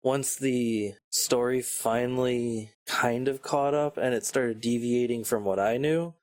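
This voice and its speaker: A man's voice: medium pitch, fairly even intonation, measured pace. A man chatting on a casual podcast, hesitant and searching for words. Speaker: podcast panelist. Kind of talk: casual chat.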